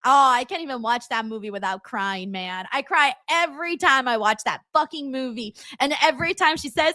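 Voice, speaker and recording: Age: unknown. Sex: woman. Role: streamer hosting a wrestling watchalong, reading chat. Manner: laughs a lot and swears casually. Sound: bright and somewhat high, dry close recording. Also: normal speed, no echo. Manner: laughs often, swears freely, animated and chatty. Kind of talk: casual chat reacting to a live show and reading comments.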